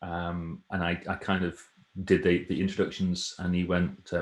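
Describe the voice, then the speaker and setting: A man's voice: low voice, little pitch movement, fairly quick, reverberant. A man, a presentation trainer and author, chatting casually and telling stories with a self-deprecating, rambling manner. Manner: self-deprecating, chatty storyteller with frequent restarts. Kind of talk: casual chat.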